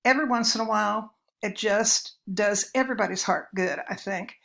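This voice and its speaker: A woman's voice: mid-range voice, normal speed, creaky, a bit bright. A middle-aged woman teaching children's literature, giving a chatty, anecdotal lecture and calling her listeners folks. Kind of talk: recorded lecture.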